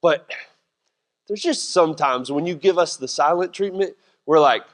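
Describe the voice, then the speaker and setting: A man's voice: fairly high pitch, normal speed. A middle-aged man, preaching a sermon in a casual, joking, conversational way. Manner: conversational, jokey preaching with voiced asides. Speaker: pastor. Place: church sanctuary. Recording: church hall reverb.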